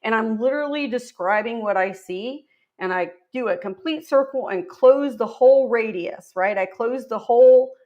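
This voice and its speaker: A woman's voice: fairly high pitch, normal speed, dull audio. A woman co-teaching a live real estate webinar, reading out quiz questions and chatting through answers. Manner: conversational, quizzing students. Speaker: real estate exam co-instructor.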